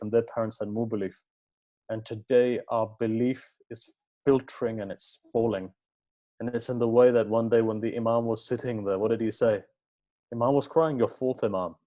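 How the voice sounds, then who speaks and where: A man's voice: medium pitch, dark tone. A man giving a sermon, telling stories and acting out quoted dialogue, with earnest, repetitive emphasis. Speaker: speaker at a religious gathering. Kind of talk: sermon with storytelling.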